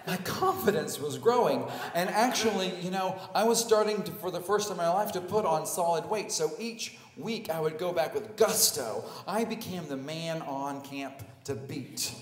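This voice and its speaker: Animated man telling a story on stage. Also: fairly high pitch. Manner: animated, self-mocking, acts out scenes. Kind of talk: personal story told live on stage. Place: stage at a live storytelling show. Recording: echoey hall, live stage.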